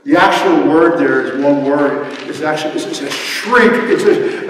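A middle-aged man preaching a sermon, swinging from hushed tones to shouting. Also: fairly high pitch, a little slow, hardly any pauses. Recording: roomy hall, mic far off.

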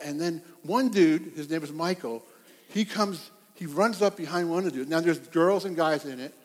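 In a church hall, a pastor with a high-pitched voice delivers an animated sermon packed with stories. He frequently laughs at his own anecdotes as he tells them, and a long reverb follows each phrase.

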